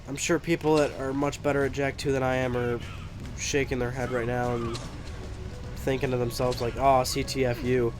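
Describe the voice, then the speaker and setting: A man's voice: medium pitch, flat delivery, moderate pace, soft background music. A young man giving casual, rambling let's play commentary, swearing and laughing often. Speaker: gameplay commentator.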